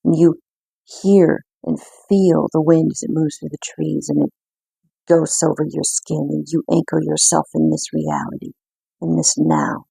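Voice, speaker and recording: A woman giving an intuitive card reading in an earnest, reflective way, with frequent pauses. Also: low voice, gravelly, warm tone, breathy edge, no room sound. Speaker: spiritual card reader.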